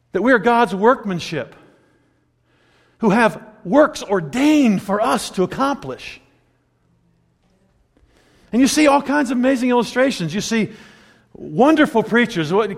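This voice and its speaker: A man preaching a sermon, telling a story animatedly and acting out the scenes. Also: high-pitched. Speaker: pastor. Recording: long hall reverb.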